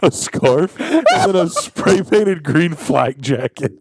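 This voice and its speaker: Young male co-host, slow gravelly delivery, absurd comic riffs. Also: fairly high pitch, very animated, a little mellow, no room sound. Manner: riffing absurd bits, laughing often. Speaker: podcast co-host. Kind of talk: casual comedic chat.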